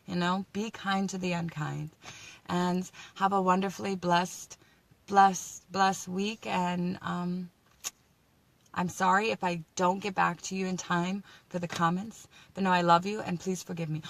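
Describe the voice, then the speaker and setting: A woman's voice: lowish voice, little pitch movement, a little slow, vocal fry, no echo. A woman speaking in a casual inspirational chat, chatty and encouraging, often restarting her sentences. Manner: chatty, encouraging, faith-filled, frequent restarts. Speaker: vlogger.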